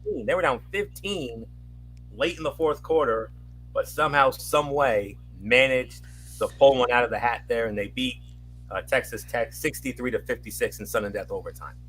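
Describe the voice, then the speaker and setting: Even-voiced man running sports picks. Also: medium pitch, moderate pace, husky. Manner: plain, steady game rundown with fillers. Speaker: show host. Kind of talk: casual sports picks chat.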